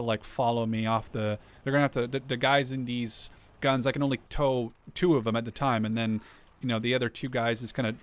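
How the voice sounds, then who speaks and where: A man's voice: medium pitch, slight background noise. Man thinking aloud over strategy gameplay. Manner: chatty, thinks aloud, quick startled exclamations. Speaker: gaming YouTuber. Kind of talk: live gameplay commentary. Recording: game gunfire and clicks behind voice.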